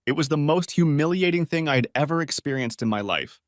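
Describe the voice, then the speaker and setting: A man reading a first-person story aloud as a channel narrator, in a steady, even manner. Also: a little high, brisk, no echo, clean studio sound.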